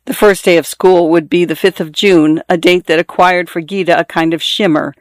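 An audiobook narrator tells a literary story in a measured, even voice at a middle pitch. The reading is steady and scripted, close to the mic. The sound is dry, with no room echo.

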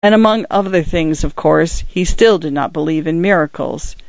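High, clear-voiced male story narrator. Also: no room sound, muffled recording. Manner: measured, expressive storytelling. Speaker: audiobook narrator.

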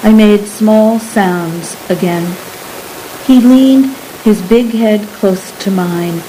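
A woman narrating a story in the first person, slow and hushed with fear. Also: medium pitch, slight background noise, rough recording.

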